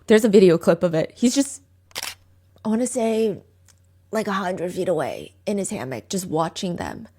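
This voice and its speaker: A woman hosting a true crime podcast, retelling a case in a chatty, casual way full of "like" fillers and quick asides. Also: lowish voice, very animated, mellow. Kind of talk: casual storytelling chat.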